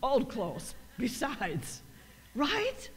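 A woman pastor preaches with a fairly high, slightly rough voice, swinging hugely in pitch and drawing out her words. Her call-and-response delivery builds to emphatic repetition, and she acts out quoted voices with laughter.

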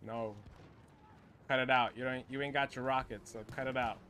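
A young man streaming a shooter game live, commenting excitedly and trash-talking the other players. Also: medium pitch, moderate pace, a little hiss or hum.

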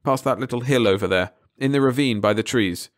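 A man's voice: medium pitch, fairly quick, close to an everyday voice. A man voicing a young male agent in a storybook reading, speaking in a firm, urgent way.

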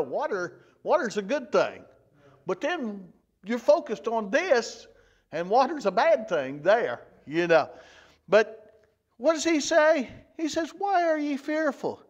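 A man teaching a Bible lesson in a folksy way, often repeating and restarting phrases. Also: sits high. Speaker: church teacher. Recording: dull lo-fi church recording.

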